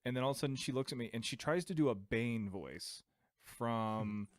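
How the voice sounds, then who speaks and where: A man's voice: mid-range voice, moderate pace, no echo. A young adult man co-hosting a podcast in casual chat, rambling and laughing as he tells a story. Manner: rambling, laughs often, tries out silly accents. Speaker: podcast co-host.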